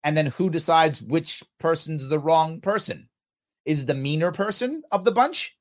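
A man talks alone into his podcast mic, working through listener comments. His voice sits high and jumps around a lot in pitch. He hammers his points and comes back to the same lines again and again. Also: unhurried. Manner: animated, emphatic, repeats points for emphasis. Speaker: podcast host.

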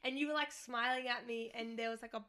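Young woman, casual podcast co-host, a bit high-pitched, chatty and scattered, recorded at home on a studio mic. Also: steady tone, quick pace, pushed and bright. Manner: rambling, giggly, loses her thread. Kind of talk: casual chat. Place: living room of a new house, on a couch. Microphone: studio mic with pop filter.

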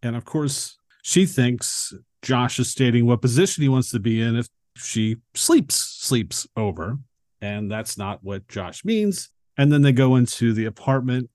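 A medium-voiced man co-hosting a podcast animatedly retells a film scene by scene in a casual movie recap, acting out the characters' lines. The recording is dry and studio quality.

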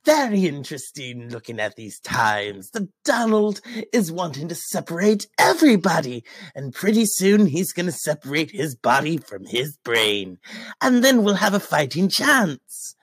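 A man's voice: on the high side, sing-song, measured pace, a bit bright, breathy edge, no echo, pitched above the performer's own voice, heavily acted. A man doing a sneering villain Joker. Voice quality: theatrical, sneering. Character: sneering cartoon villain clown, adult man.

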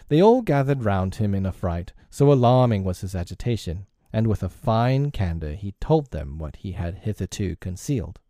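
A man narrates a children's classic aloud with an expressive, animated delivery. His voice is low and deeply mellow, with a lot of movement in pitch. The sound is dry and close. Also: moderate pace, hardly any pauses, dry recording. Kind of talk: storybook reading.

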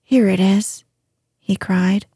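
A woman voicing a practical, protective miner boy in a breathy whisper, as whispered role-play in a storybook reading. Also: mid-range voice, steady tone, slow pace, dark tone, dry recording, studio quality, exaggerated voice. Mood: hushed, practical.

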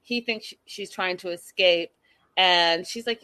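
A woman's voice: lowish voice, unhurried, pushed and bright. A woman hosting a casual chat show, blunt and profane, reacting with emphatic opinions. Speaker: show host.

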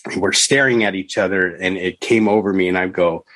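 A man's voice: low voice, fairly even intonation, fairly quick, a bit bright, no echo. A middle-aged man telling his own story in conversation, candid and rambling, with many "you know" and "right?" asides. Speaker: podcast guest, author and counselor.

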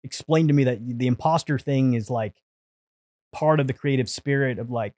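Animated, swearing male storyteller, dry sound. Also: medium pitch, moderate pace, dry recording. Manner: animated, swears freely, acts out quotes. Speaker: podcast guest, producer. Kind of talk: casual storytelling.

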